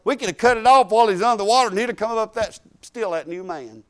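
A woman's voice: on the high side, fast talker. A woman pastor, preaching a folksy, emphatic sermon full of hallelujahs.

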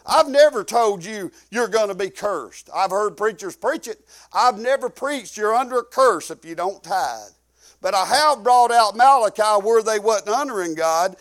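Male pastor, 50s, high voice, homespun storytelling sermon. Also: fairly bright tone. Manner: folksy, rambling, drops low when quoting himself.

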